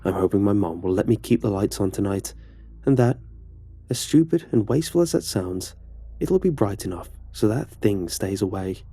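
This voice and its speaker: A man's voice: fairly low pitch, lively intonation, normal speed, warm tone, husky, no room sound, soft background music. A man narrating a horror story in a casual, conversational way.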